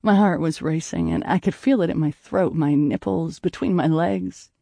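A man reading a first-person audiobook in a soft, intimate way, at times dropping to a breathy hush. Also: fairly high pitch, lively intonation, moderate pace, no room sound, studio quality. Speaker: audiobook narrator.

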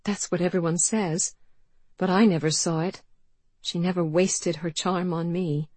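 A woman's voice: fairly low pitch, fairly even intonation, unhurried, a little mellow, slightly rough, dry recording. A woman reading an audiobook, voicing a distraught young woman whose voice rises and cracks with emotion. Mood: anguished. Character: young woman, grieving, raw and agitated. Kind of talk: audiobook character voice.

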